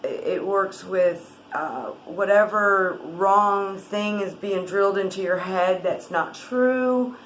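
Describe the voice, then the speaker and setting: A woman guiding a tapping exercise in a gentle, rambling way, with many fillers and restarts. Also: medium pitch, takes it slowly, hardly any pauses, reverberant, a little hiss or hum, low-quality recording. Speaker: wellness guide.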